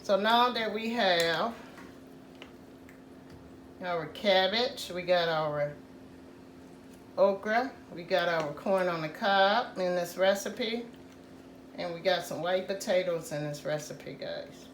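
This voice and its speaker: A woman hosting a casual home cooking tutorial, talking slowly and repeating "guys" to her viewers. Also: lowish voice, reverberant, slight background noise. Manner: slow, repetitive, says "guys" often. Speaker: cooking channel host.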